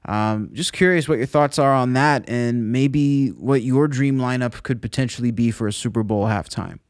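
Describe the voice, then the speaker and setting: A man's voice: mid-range voice, normal speed, clean tone, no echo, studio quality. A man hosting a music podcast, asking easygoing questions with light laughs. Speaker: podcast host. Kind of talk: interview questions.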